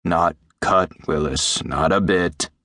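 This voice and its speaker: A man's voice: on the low side, animated, moderate pace, fairly bright tone, no room sound, clean studio sound. A man voicing a blunt, teasing elderly male doctor in an audiobook. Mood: coaxing. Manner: brusque, dryly joking.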